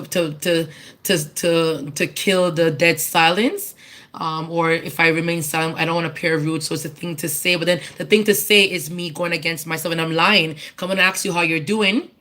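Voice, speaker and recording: A woman's voice: fairly low pitch, sharp tone. Earnest woman searching for words. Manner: searching for words, with frequent restarts and repeats; earnest and candid. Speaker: church speaker giving a tribute. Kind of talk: personal testimony, informal.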